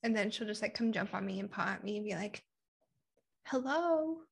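A woman's voice: medium pitch, little pitch movement, fast, creaky, husky. A young woman from Puerto Rico chatting candidly, telling personal stories and acting out little quotes. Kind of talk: casual conversation.

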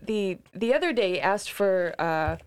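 A woman in casual chat, excitedly telling a story and quoting the people in it. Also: medium pitch, a little slow, clean tone. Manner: excitable, laughing, quotes people.

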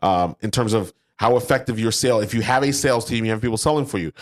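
Animated man co-hosting a business podcast. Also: lowish voice, fast talker. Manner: animated, acts out quoted salespeople. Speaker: podcast co-host. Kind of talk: casual business chat.

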